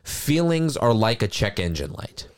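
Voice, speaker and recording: A man's voice: lowish voice, big pitch swings, measured pace. A man co-hosting a podcast, talking in a chatty, reflective way and musing aloud on feelings. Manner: chatty and reflective, lots of "like" fillers. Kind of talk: casual podcast conversation.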